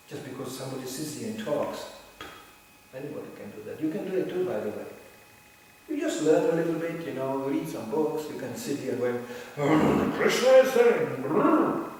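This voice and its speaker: A man giving an animated devotional lecture, mocking voices and laughing as he teaches. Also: mid-range voice, a little hiss or hum. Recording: echoey hall from far off.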